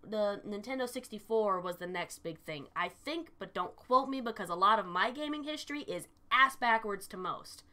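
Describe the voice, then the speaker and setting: A woman's voice: a little high, sharp tone. A young adult woman chatting casually on a live stream, telling stories animatedly, swearing freely and answering chat.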